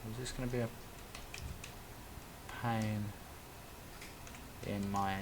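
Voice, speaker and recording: A man's voice: lowish voice, steady tone, slow pace, noisy background. A man live-streaming a game, chatting casually and thinking aloud as he builds, with plenty of self-talk and little tangents. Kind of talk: casual live-stream commentary while playing.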